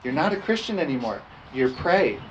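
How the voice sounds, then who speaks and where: A man's voice: mid-range voice, sing-song, normal speed, lo-fi sound, a little hiss or hum. A man preaching a sermon as pastor, emphatic and repetitive, calling for responses from the congregation.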